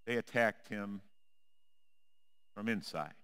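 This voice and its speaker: A male pastor preaches a sermon in a church sanctuary, his delivery measured and dramatic. On the repeated refrains he drops low and quiet, and his tone stays clean.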